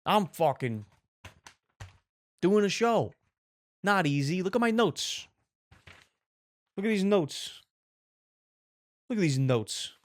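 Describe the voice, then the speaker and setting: A man hosting a show, giving mock-serious, animated reaction commentary on videos and swearing casually. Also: sits high, slow, pauses often. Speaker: host.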